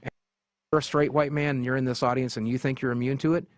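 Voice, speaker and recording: Fast-talking, blunt, profane man. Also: mid-range voice, fairly even intonation, no echo, studio quality. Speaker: interview guest. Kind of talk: candid interview. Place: convention interview setting.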